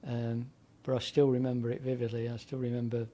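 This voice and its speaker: A man in his seventies, a former DJ and broadcaster, tells long anecdotes in a rambling, conversational way, full of fillers and restarts. His mid-range voice is dark in tone, completely flat in delivery, and a little fast.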